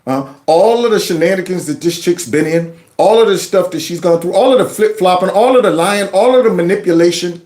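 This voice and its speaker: A man hosting his own show, giving sarcastic, animated commentary on news clips. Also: high voice, fairly quick, few pauses. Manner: animated, sarcastic, mocks others in put-on voices. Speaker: host reacting to news clips. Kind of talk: opinionated commentary. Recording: roomy echo.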